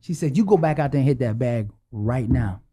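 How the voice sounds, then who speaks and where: A man's voice: medium pitch, fairly quick, breathy edge. Man telling a story animatedly. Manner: animated, acts out dialogue in the telling. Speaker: interview guest. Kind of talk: storytelling in a podcast interview.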